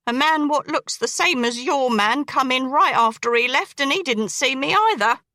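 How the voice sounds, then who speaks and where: A woman voicing a menacing crippled male dressmaker who killed women, speaking slowly in a coarse dialect. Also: sits high, sharp tone, no echo, studio quality. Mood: brooding confession. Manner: slow, brooding, coarse dialect.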